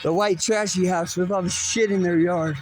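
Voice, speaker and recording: A man delivering an aggressive, profane, threatening rant at an unseen person, rambling and swinging between shouting and muttering. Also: high-pitched, fairly even intonation, moderate pace, over loud music.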